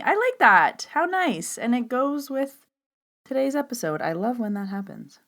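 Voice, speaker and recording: A young adult woman hosting a podcast, telling a story in a chatty, animated way and acting out the dialogue she quotes. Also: on the low side. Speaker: podcast host. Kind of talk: casual storytelling monologue.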